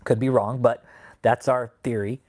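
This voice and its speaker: A man hosting a livestream who rants angrily with heavy swearing, swinging between loud outbursts and low grumbling while he reads out chat names. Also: steady tone, normal speed. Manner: angry, profane ranting. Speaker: channel host. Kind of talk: livestream commentary, reading chat.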